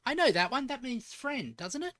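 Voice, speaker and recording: A woman's voice: high-pitched, sing-song, normal speed, fairly bright tone, no room sound, studio quality. An Australian woman streaming as a VTuber, thinking aloud as she codes and chatting with viewers in between. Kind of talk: live coding stream chat.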